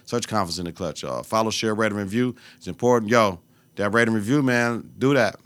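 A young adult man hosting his own podcast, talking in a loose, profane, animated way and breaking into laughter as he tells stories. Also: fairly low pitch, fairly quick, dry recording. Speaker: podcast host. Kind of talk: casual solo podcast rant.

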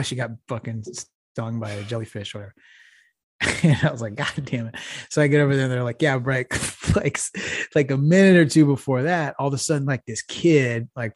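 A man's voice: mid-range voice, no echo. A middle-aged man from Texas, a podcast co-host telling a rambling, profane story in a casual chat. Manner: profane, laid-back storytelling with frequent laughs.

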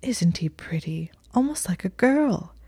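A woman's voice: mid-range voice, lively intonation, measured pace, mellow, husky, heavily acted. A woman reading the lines of an imperious ancient sorceress, severe and cooing by turns. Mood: teasing. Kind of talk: storybook reading.

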